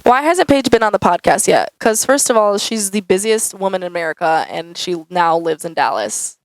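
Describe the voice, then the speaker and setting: A woman's voice: mid-range voice, normal speed, rough recording. A young woman answering viewer questions in a casual, chatty vlog, saying "like" a lot. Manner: chatty, says "like" often, animated. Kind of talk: casual Q&A chat. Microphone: camera mic.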